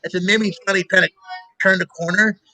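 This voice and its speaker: A man hosting a show, chatting casually and telling animated stories with laughter. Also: high voice, quick pace, no echo, poor audio. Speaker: show host. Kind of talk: casual chat.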